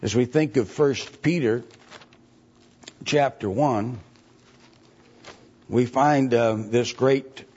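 A man's voice: mid-range voice, slow pace, pauses often, darkish tone, husky. A man preaching a sermon, reading scripture aloud and pressing the congregation with emphatic repeated questions. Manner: reads archaic scripture aloud. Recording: dull lo-fi recording.

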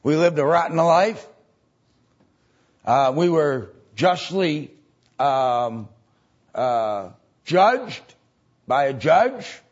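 Male preacher, husky, slow and halting, plain Bible explainer, dull lo-fi recording. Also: a little high, expressive. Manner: halting, explains step by step, many filler sounds. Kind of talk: sermon.

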